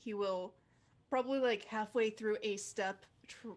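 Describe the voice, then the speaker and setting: A woman's voice: medium pitch, steady tone, a little slow. A woman playing a tabletop game on a livestream, describing her character casually with laughing asides. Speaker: player.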